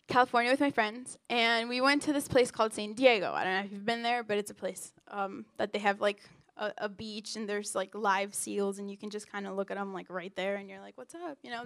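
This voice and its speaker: A woman's voice: mid-range voice, fairly bright tone, no room sound. A young woman giving a casual sermon at a church gathering, telling stories in a chatty, playful way with many fillers and jokes at her own expense. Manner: playful and self-joking. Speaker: youth speaker.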